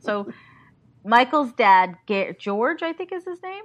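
Woman chatting about a movie on a podcast, laughs a lot, animated retelling. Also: fairly high pitch, unhurried. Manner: animated, laughs often, acts out lines from the film. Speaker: podcast co-host. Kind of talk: casual movie recap chat.

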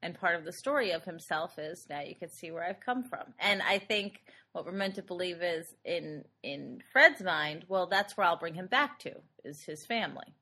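Bright-voiced woman chatting casually. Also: on the low side, moderate pace, hardly any pauses. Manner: animated, laughs often while recapping. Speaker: podcast co-host. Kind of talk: casual chat about a movie.

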